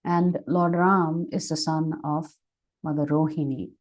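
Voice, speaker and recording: Brief: woman scripture teacher, unhurried devotional storytelling, lowish voice. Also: fairly even intonation, poor audio. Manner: measured retelling with frequent fillers. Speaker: spiritual teacher. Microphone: online session microphone.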